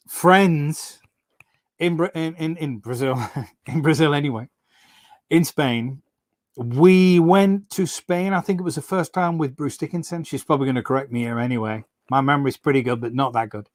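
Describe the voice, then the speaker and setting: A man's voice: a little high, no room sound, studio quality. A middle-aged man hosts a casual live stream for his fans, telling rambling, enthusiastic stories full of restarts. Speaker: singer hosting a fan livestream.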